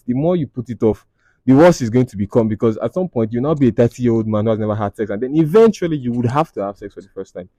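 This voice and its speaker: A man's voice: mid-range voice, mellow, dry recording. A man, hosting a podcast and reading confessions aloud in a casual, blunt, profane, teasing way. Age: 20s. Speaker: podcast host.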